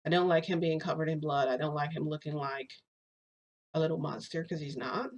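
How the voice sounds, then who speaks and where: A woman talks straight to her audience in a chatty, excitable way. She retells events in a relaxed, casual storytelling style. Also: low voice, brisk. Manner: excitable, chatty retelling full of "I'm like" and "freaking". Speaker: vlogger.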